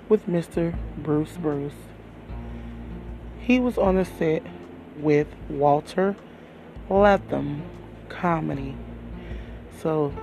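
Show host, slow and deliberate intro, faint music underneath. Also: mid-range voice, low-quality recording. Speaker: podcast host.

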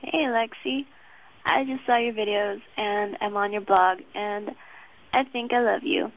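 A woman's voice: medium pitch, fairly even intonation, a little slow. A young woman leaving a rambling, casual voicemail as a caller to a radio show. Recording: tinny phone-line voicemail.

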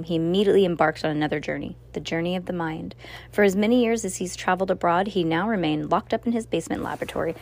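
Woman reading a dark tale aloud. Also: fairly low pitch, creaky. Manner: dramatic, with slips and self-corrections. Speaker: storyteller.

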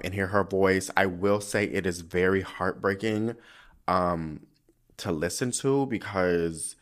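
A man hosting a podcast, talking in a sassy, profane, animated way. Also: sits low. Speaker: podcast host. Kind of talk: casual commentary.

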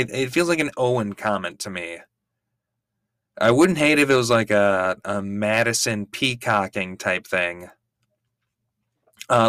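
A man's voice: medium pitch, bright, forceful tone, clear, resonant tone, no echo, studio quality. A man hosting a podcast, chatting casually and wryly with offhand swearing during a watch-along. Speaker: podcast host.

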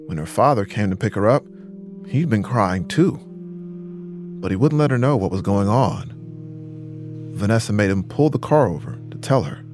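A man narrating a documentary story in a measured, scripted way. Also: on the low side, expressive, darkish tone, faint music behind.

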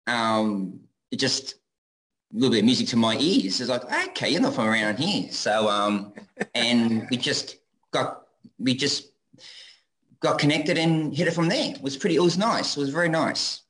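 A man's voice: medium pitch, measured pace, fairly bright tone, poor audio. A man with a broad Australian accent chatting as a guest on a video call, hesitant with many ums. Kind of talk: casual chat on a video call.

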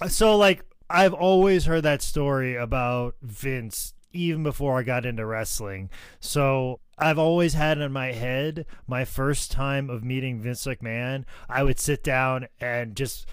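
A man co-hosting a podcast, telling wrestling stories in an animated, joking way and swearing freely. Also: mid-range voice, a little slow, smooth, no room sound, clean studio sound. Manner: animated, swearing, laughing storyteller. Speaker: podcast co-host. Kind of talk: casual chat.

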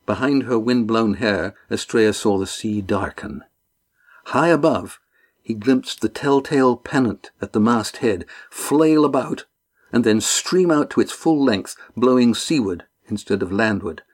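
A man narrating a novel as an audiobook, steady and measured. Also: lowish voice. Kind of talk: scripted narration.

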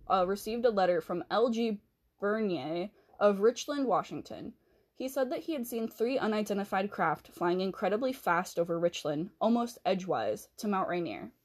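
A woman hosting a podcast, narrating history in a casual way, with chatty asides and self-corrections, speaking into a handheld mic. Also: medium pitch. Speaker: podcast host. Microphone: handheld mic she has to hold still.

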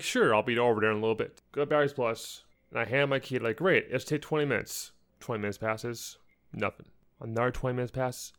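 A man's voice: mid-range voice, fairly bright tone. A young man co-hosting a podcast, telling an angry story in a casual chat and acting out the people he quotes. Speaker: podcast co-host.

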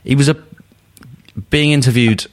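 A man's voice: mid-range voice, fairly even intonation, moderate pace. A man co-hosting a casual football podcast, blunt and jokey, swearing freely. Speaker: podcast co-host.

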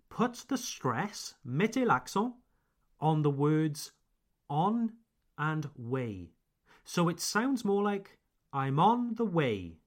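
A man hosts a podcast language lesson, drawing out each example phrase slowly and clearly. His delivery is unhurried, and his pitch rises and falls a great deal. His voice sits slightly higher than most men's. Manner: slow, clear, drawn-out modeling of example phrases. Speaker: English teacher and podcast host.

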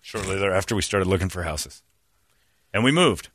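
A man's voice: low voice, expressive, moderate pace, fairly bright tone, no room sound, clean studio sound. A man from San Diego hosting a comedy talk show, telling crude rambling stories. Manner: crude, rambling storytelling with laughs. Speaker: host. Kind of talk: casual comedic banter.

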